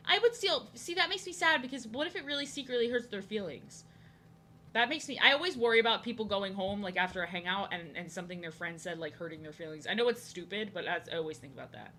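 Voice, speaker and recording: Chatting with viewers while she draws on stream, this young art streamer speaks in an animated, fast, medium-pitched voice with a sharp tone. She's chatty and rambling, jumping between thoughts and responding to chat, with slight background noise.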